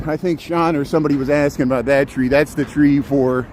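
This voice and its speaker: A chatty man walks busy city streets, narrating his live stream and greeting viewers one after another. His voice sits a little high for a man. Traffic noise rumbles clearly behind him. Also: steady tone, fairly quick, darkish tone. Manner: chatty, greets viewers by name, repeats himself. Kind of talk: casual live-stream narration while walking.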